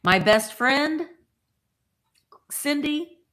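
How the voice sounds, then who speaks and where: A woman's voice: sits high, expressive, drawn-out words, a bit bright. A middle-aged woman from Indiana hosting a casual live stream, chatting and greeting viewers by name.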